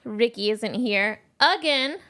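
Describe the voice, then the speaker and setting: A woman hosts a podcast in a playful, bubbly way. Her voice sits a little high. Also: animated, takes it slowly, bright, forceful tone. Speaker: podcast host. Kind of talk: casual podcast chat.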